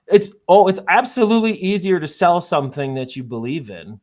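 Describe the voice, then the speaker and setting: Give me a chatty, animated man from Minnesota telling stories as a guest. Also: high voice, a little fast. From southern Minnesota. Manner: animated, chatty, full of fillers. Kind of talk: casual storytelling.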